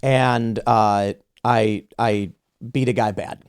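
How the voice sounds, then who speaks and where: A man's voice: on the low side, fairly even intonation, takes it slowly, clean tone. A man hosting a podcast, telling a story in casual conversation and acting out the quoted exchanges, often restarting his sentences. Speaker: podcast host.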